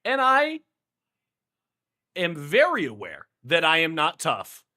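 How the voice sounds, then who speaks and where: Goofy, slangy young man with a bright voice. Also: on the high side, wildly swooping pitch, takes it slowly. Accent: Houston. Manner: playful, goofy, slangy, laughs often. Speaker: streamer. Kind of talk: casual chat with stream viewers.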